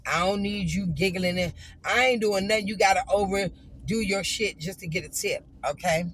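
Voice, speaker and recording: A woman's voice: medium pitch, normal speed, poor audio. A woman vlogger telling a casual, emphatic story straight to her viewers.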